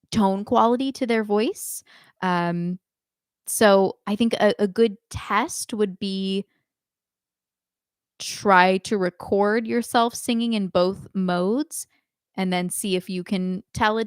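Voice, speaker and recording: A woman singing teacher answering viewers' chat questions in a live online lesson, thoughtful and unhurried, with many ums and restarts. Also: mid-range voice, clear, resonant tone, no echo, clean studio sound.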